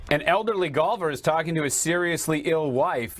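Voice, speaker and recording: A man telling a joke to a broadcast team in a steady storytelling way. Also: a little high, fairly quick, few pauses.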